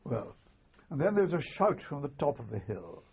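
A husky older man recalls his past in an oral history interview. He speaks haltingly and understatedly, often restarting his sentences. The recording is muffled and lo-fi. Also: on the high side, very animated, a little mellow. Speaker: veteran army chaplain interviewee.

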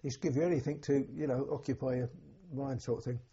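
An elderly man recalling his war years, halting and repeating words as emotion rises. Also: mid-range voice, fairly even intonation, dark tone, breathy edge. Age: older. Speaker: war veteran interviewee. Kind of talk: personal recollection. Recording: dull lo-fi recording.

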